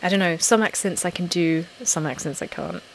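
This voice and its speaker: A woman's voice: fairly low pitch, brisk, vocal fry, low-quality recording. A woman chatting casually on a live stream as an ASMR channel host, reading out comments, giggly and self-deprecating. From England (Essex). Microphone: desktop microphone. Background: laptop fan noise.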